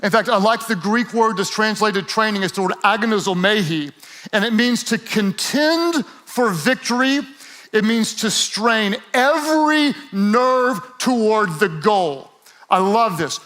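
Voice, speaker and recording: A man with a high, light voice preaches a lively sermon to a live audience. He acts out little voices in playful asides, then climbs into loud, emphatic shouting. He sounds like he is speaking in a large hall. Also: a little slow. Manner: energetic, builds to shouting. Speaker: pastor.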